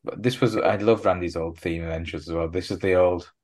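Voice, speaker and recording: A man co-hosting a wrestling podcast in casual chat, rambling and jokey with quick asides. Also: sits low, steady tone, a little mellow. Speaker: podcast co-host.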